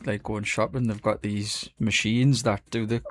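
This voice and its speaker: A man presenting a radio show, chatting in a relaxed, agreeable way. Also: lowish voice, normal speed. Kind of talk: casual chat.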